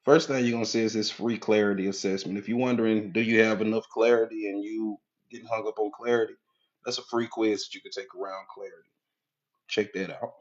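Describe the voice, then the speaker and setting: A man coaching on a live stream, greeting viewers by name, repeating his points and pitching his community in a casual way. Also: level tone, brisk, lo-fi sound.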